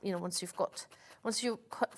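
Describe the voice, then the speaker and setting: A woman's voice: medium pitch, normal speed. A woman demonstrating a craft on a live shopping-channel show in a TV studio. She explains each step patiently, with frequent "um"s and restarts.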